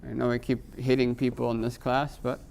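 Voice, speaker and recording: A male teacher lecturing a class on grammar, quizzing the students often and slowing down to spell out foreign terms. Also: medium pitch, completely flat delivery, creaky, a little mellow, a little hiss or hum. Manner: quizzes students with frequent rhetorical "right?"; slows to spell out Arabic terms.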